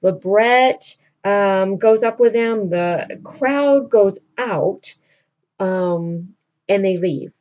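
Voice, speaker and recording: A woman's voice: mid-range voice, extremely slow, a little mellow. Woman teacher, casual chatty recap, lots of fillers, muffled lo-fi sound. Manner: chatty storytelling with many fillers. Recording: dull lo-fi recording.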